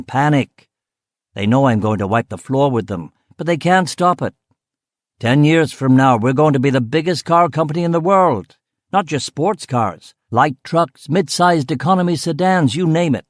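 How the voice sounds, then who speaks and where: A man voicing a brash, boastful male car company boss who talks loudly and emphatically. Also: medium pitch, no room sound, studio quality, lightly acted. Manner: loud, emphatic, quick to anger.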